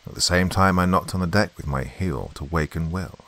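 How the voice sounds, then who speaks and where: A man hosting a horror podcast, reading a classic tale in a measured, suspenseful way. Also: sits low, a bit bright. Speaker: horror story podcast host. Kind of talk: dramatic story reading.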